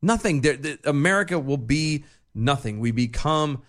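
A man's voice: on the high side, lively intonation, moderate pace. A man co-hosting a casual podcast, earnest and emphatic, often repeating words as he builds his point. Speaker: podcast co-host. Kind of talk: casual chat.

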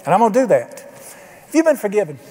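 High-voiced preacher in a reverberant hall. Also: male voice, sing-song, brisk, warm tone, husky, soft background music. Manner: folksy storytelling preacher, acts out quotes. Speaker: pastor. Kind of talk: sermon. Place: church sanctuary. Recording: long reverb of a church hall.

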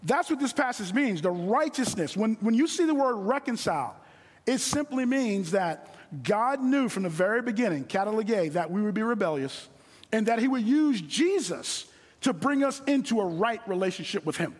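A middle-aged man preaching a sermon from a stage, earnest and repeating phrases for emphasis, slowing down on key lines. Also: high voice, animated. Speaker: guest preacher. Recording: long hall reverb.

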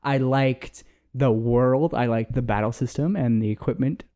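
A man's voice: mid-range voice, normal speed, dark tone. A young man co-hosting a casual podcast, teasing his friend with sarcastic, joking banter. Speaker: podcast co-host. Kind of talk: casual chat.

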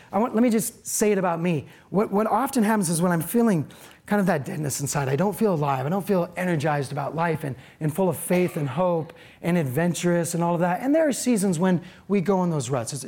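A preacher giving a casual, conversational sermon, animated and speaking directly to the congregation. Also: medium pitch, fast talker.

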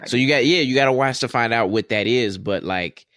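A man co-hosting a casual podcast, relaxed and rambling with many fillers. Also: medium pitch, brisk, no room sound, studio quality. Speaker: podcast co-host.

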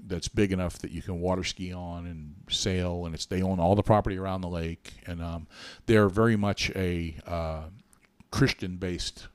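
Low-voiced man telling a heartfelt story. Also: normal speed, clear, resonant tone, dry recording. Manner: earnest, animated storyteller with restarts. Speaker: podcast co-host. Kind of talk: casual storytelling chat.

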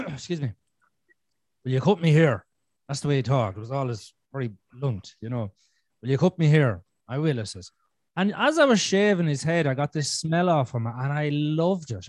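Irish male podcast guest, slightly high voice, blunt and profane, dry close recording. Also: no room sound. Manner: blunt, heavy swearing. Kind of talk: casual conversation.

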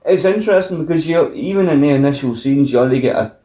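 A Scottish man co-hosting a film review podcast, retelling scenes in an animated, sweary way. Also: a little high, fast talker. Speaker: podcast co-host. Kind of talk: casual film review chat. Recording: roomy echo.

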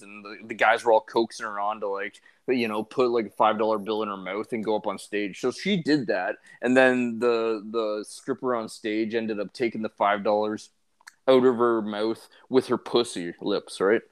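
A man's voice: lowish voice, steady tone, moderate pace. A young man chatting casually, telling crude anecdotes in a laid-back way with fillers.

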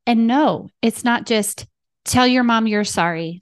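Female parent coach and podcast host, mid-pitched, instructive, dry close-mic read. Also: measured pace, clear, resonant tone, dry recording. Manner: teaching in numbered steps, checking in with "right?" and "okay".

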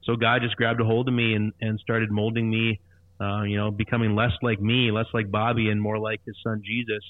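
A man in his thirties, a guest sharing his conversion testimony, tells the story earnestly and repetitively with halting, frequent restarts. His voice is fairly low with little pitch movement, and the line sounds tinny and phone-like, dry with no echo.

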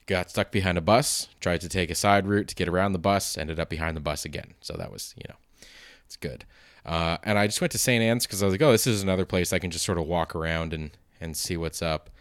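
A man with a sore throat talks in a loose, rambling monologue, poking fun at himself and swearing freely. His voice sits very low. The recording is dry, with no room sound. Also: fast, no echo. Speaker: vlogger. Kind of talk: casual monologue.

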